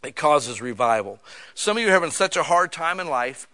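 A male pastor preaching a sermon in a church, joking and casual, swinging from quiet asides to loud bursts. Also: on the high side, expressive, fairly quick.

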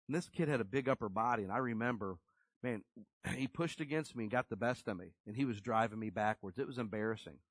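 A man's voice: lowish voice, fast talker, no room sound, rough recording. A middle-aged man preaching a sermon in a conversational, emphatic storytelling way.

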